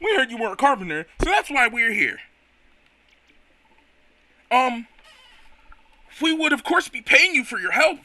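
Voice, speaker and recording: An earnest young creature hero politely asks for help, read by a man. The voice is bright and lively, with a dry, close sound. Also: extremely high pitch, unhurried, pauses often, no room sound, pitched above the performer's own voice, full character voice. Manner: polite, pleading.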